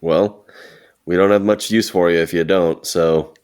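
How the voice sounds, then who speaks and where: A man playing a tabletop game, talking in a relaxed, hesitant way. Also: low-pitched, unhurried, smooth. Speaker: player. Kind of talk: casual tabletop play.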